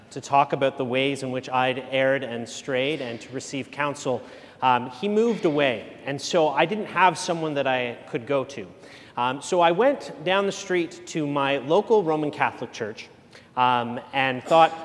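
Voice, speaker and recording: A pastor preaching a sermon, telling a story in a relaxed, conversational way with many fillers, recorded in a church. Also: male voice, mid-range voice, long reverb tail.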